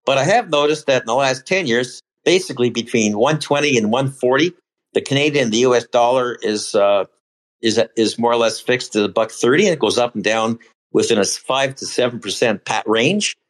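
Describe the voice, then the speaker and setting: A podcast guest with an ordinary-pitched male voice explains market charts in a loose, chatty way, speaking a little fast over poor audio. He frequently stops mid-sentence to restart or correct himself, then presses on with his point.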